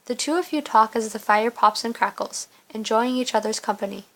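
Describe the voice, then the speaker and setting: A woman reading a game story's narration aloud, casual and unpolished, with the odd slip. Her voice sits a little high. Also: brisk, low-quality recording. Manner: plain, casual reading with slips. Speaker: player reading an interactive story.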